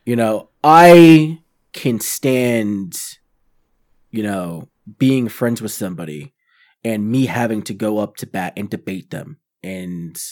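Man, casual chat, earnest, halting, fillers, swears when riled, somewhat low voice. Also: darkish tone. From northern Virginia, USA.

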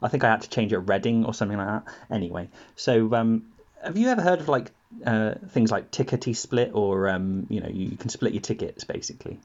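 A man's voice: on the low side, animated, a little fast, darkish tone, muffled recording. A man on a podcast, telling rambling stories full of laughs and acted-out quotes, in casual chat.

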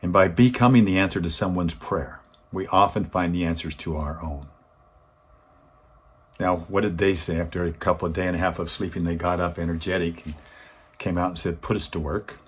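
There's a breathy edge to this motivational speaker's brisk delivery, and his intonation stays fairly even. He narrates a story in his weekly inspirational talk with earnest conviction, rising in volume and pitch at the important moments.

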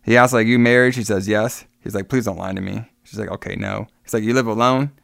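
A man's voice: fairly low pitch, steady tone, quick pace, vocal fry, a bit bright, dry recording, clean studio sound. A man casually retelling a film's plot scene by scene, with many fillers and asides. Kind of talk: casual movie recap chat.

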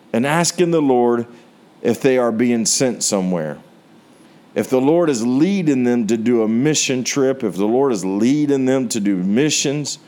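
An American man preaches in an earnest, storytelling way, with a voice of ordinary pitch for a man. He climbs higher when he asks rhetorical questions. He speaks as a pastor giving his testimony. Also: a little mellow. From United States. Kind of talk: sermon testimony.

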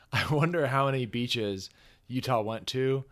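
A man co-hosting a casual movie review podcast, retelling scenes and quoting characters in a relaxed drawl. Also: mid-range voice, takes it slowly. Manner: chatty, quotes characters in a laid-back voice. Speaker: podcast co-host.

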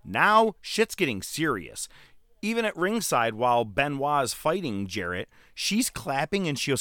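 Bright, clear-voiced man chatting excitedly. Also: mid-range voice, measured pace, dry recording, clean studio sound. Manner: excitable, profane, laughs often. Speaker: podcast co-host. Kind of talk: casual chat.

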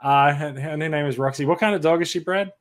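Jokey Australian podcast host, higher voice. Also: male voice, quick pace. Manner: jokey, self-deprecating, chatty. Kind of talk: casual podcast chat. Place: Sydney.

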